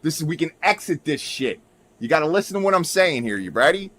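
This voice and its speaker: A man in a rambling livestream monologue, swinging his pitch up and down as he talks. His voice sits a little high for a man. He keeps punching lines with "right?" and sometimes drops to a mutter, with keyboard typing behind him. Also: sing-song, fast, fairly bright tone. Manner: repeats "right?" constantly, emphatic, drifts into mutters. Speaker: livestream host.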